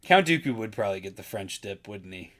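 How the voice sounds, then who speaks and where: A man's voice: lowish voice, lively intonation, a little fast, fairly bright tone. Laid-back chatty male streamer. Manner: laid-back, chatty, full of fillers like "dude". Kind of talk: casual live-stream chat.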